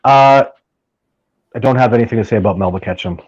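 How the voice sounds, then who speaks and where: Man, interview guest, animated and emphatic, frequent restarts, dull lo-fi recording. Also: medium pitch, brisk, breathy edge, dry recording. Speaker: podcast guest, field researcher. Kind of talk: casual interview chat. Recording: dull lo-fi dry sound.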